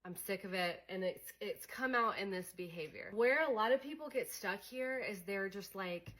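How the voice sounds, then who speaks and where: A woman's voice: mid-range voice, moderate pace, hardly any pauses, a bit bright. A young adult woman coaching on emotions in a candid, conversational way, with many fillers. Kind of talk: casual teaching monologue.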